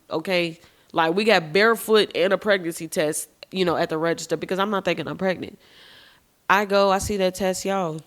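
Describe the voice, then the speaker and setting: A woman hosting a podcast, telling her own story candidly, speaking straight to her listeners and swearing casually. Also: mid-range voice. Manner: frank and expressive, addresses listeners as y'all. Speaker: podcast host. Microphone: podcast microphone.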